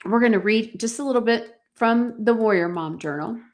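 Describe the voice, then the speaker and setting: A woman's voice: fairly high pitch, moderate pace. A middle-aged woman hosting a live-streamed podcast, giving an earnest, encouraging talk and speaking directly to her viewers. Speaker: podcast host.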